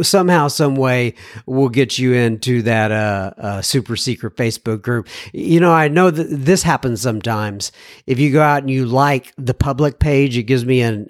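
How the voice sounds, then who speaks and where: A man hosting a podcast, reading listener emails aloud in a casual monologue with joking asides and lively jumps in pitch. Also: no room sound, clean studio sound. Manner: chatty, joking asides, animated swings in pitch.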